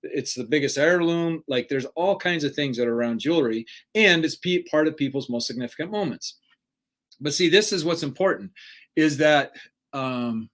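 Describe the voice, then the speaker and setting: A man's voice: on the high side, animated, normal speed, fairly bright tone. Earnest man giving a motivational talk. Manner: earnest, keeps asking "right?"; acts out quoted dialogue in his story. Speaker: live show host, speaking coach.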